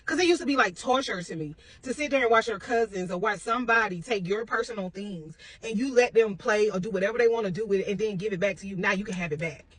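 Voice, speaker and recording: A woman's voice: medium pitch, fast talker, hardly any pauses, slightly rough, no room sound. A woman telling a personal parenting story in a casual, blunt, rambling way, with some profanity. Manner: rambling with restarts; confident.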